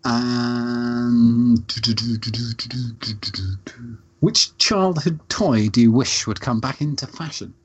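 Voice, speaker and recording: A man's voice: mid-range voice, a little slow, husky, lo-fi sound. A man hosting a podcast, telling rambling stories with lots of restarts. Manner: animated storyteller, rambling restarts. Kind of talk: casual chat.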